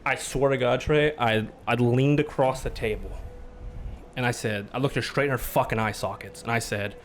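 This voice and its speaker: A man ranting on a casual podcast, telling a story, swearing freely and getting loud when angry. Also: mid-range voice, steady tone, moderate pace, slight background noise. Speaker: podcast host.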